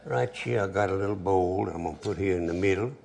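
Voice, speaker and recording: Older man, low gravelly voice, folksy kitchen cooking demo. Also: quick pace, a little mellow, slight background noise. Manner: folksy, chatty, talks to himself while working. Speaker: cook. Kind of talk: cooking demonstration with storytelling. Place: home kitchen at the stove.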